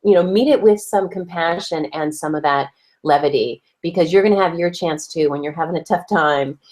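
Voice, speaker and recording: A woman with a fairly low voice co-hosts a relationship advice chat. She talks in a playful, expressive way and acts out the lines she quotes. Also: a little fast. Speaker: podcast co-host.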